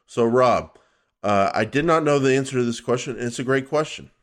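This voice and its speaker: A man's voice: mid-range voice, normal speed. A man co-hosting a casual podcast, answering a listener's question in a loose, playful, rambling way. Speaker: podcast co-host.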